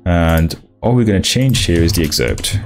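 A young man streaming his coding session, thinking aloud in halting restarts and chatting with viewers. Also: low voice, very animated, over music. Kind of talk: casual live-coding stream.

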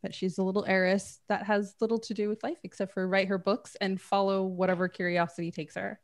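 A woman's voice: medium pitch, little pitch movement, brisk. A woman player introducing herself and her character, giggly and rambling in casual chat. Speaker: player and streamer.

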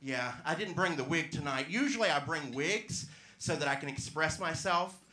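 A stand-up comedian from Georgia working the crowd with self-mocking punchlines. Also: male voice, fairly high pitch, normal speed, pushed and bright. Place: comedy club stage. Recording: echoey club room.

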